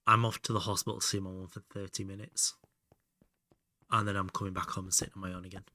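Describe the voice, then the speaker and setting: A man talks over his gameplay stream in a casual, joking way, reading and answering his chat. His voice sits a little low but has a bright, forward edge. Now and then he drops to a mutter under his breath. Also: little pitch movement, quick pace. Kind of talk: casual live-stream chat while gaming.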